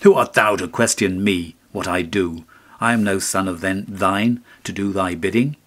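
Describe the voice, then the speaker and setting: A man's voice: low-pitched, normal speed, a bit bright. An actor reading an audiobook, voicing a proud, cruel young boy who speaks in a haughty, scornful way.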